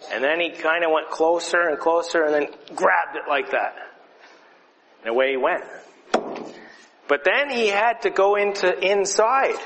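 A man telling a lively story to a group of children in a conversational way, showing objects as he goes. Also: on the high side. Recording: reverberant hall, faint noise.

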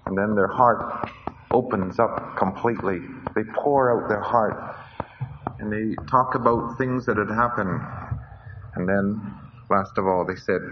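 A man's voice: on the low side, measured pace. A man preaching a sermon at a conference, earnest, repeating his key phrases. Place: conference hall. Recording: dull lo-fi recording with faint hiss.

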